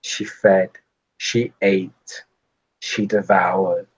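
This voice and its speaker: A man doing a slow, brooding ancient vampire woman. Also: deep voice, flat delivery, slightly rough, pitched below the performer's own voice, heavily acted, low-quality recording. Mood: haunted. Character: ancient female vampire, haunted and mournful.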